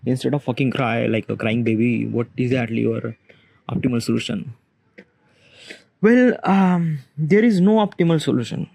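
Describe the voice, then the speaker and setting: A man, giving a halting, rambling confessional monologue in which he questions himself aloud. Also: on the high side, gravelly, dark tone, dry recording, low-quality recording. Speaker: vlogger. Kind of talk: confessional self-talk monologue.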